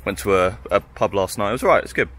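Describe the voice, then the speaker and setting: A man's voice: on the low side, fast, fairly bright tone, slight background noise. A young man, talking casually to the camera in a rambling vlog full of fillers and restarts. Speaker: vlogger.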